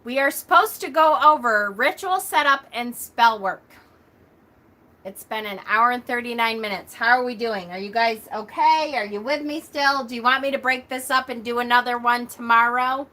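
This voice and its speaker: Middle-aged woman rambling on a livestream, bright voice, a bit high, coughs here n there. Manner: chatty, talks a lot and loudly and quickly, frequent fillers. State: coughing at times. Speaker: witchcraft teacher on a livestream. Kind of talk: casual livestream lesson with anecdotes.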